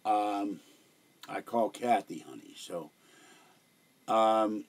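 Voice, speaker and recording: A man's voice: on the low side, extremely slow. An older man chatting casually at home on a livestream, telling rambling, digressive stories. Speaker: livestream host.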